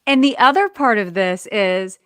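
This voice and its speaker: A woman's voice: medium pitch, normal speed, fairly bright tone, a little hiss or hum. A woman hosting an online interview, asking questions in a chatty, restarting way. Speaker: host. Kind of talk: interview host chat.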